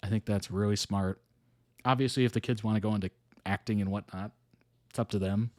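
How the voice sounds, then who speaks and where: A man's voice: fairly low pitch, steady tone, a little fast, no room sound, studio quality. A man hosting a reaction video, reading an article aloud and musing over it casually between chuckles.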